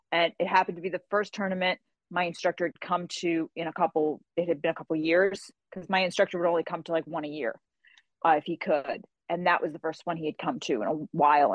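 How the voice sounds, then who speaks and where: A woman guesting on an interview show, telling stories in a lively, casual way and acting out the voices of people she quotes. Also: low-pitched, fast, no echo. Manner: animated storyteller who acts out quoted voices. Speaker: guest author.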